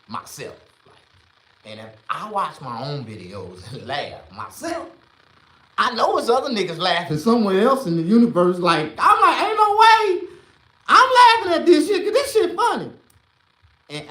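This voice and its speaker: A man doing a profane, rambling stand-up rant, jumping from shouted bursts to low mutters. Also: far from the mic. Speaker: stand-up comedian. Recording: echoey room, voice off-mic.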